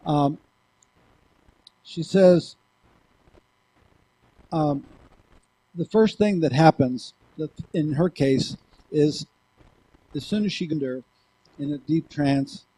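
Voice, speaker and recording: Man, lecturer, husky, mellow tone, very slow, halting, reading aloud. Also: fairly high pitch, rough recording. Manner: slow, halting delivery with frequent pauses. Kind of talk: lecture, reading a hypnosis transcript.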